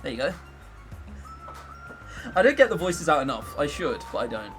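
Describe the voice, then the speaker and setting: A man's voice: on the high side, big pitch swings, moderate pace, fairly bright tone, faint music behind. A young English man chatting on a casual livestream, joking and self-mocking. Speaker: streamer.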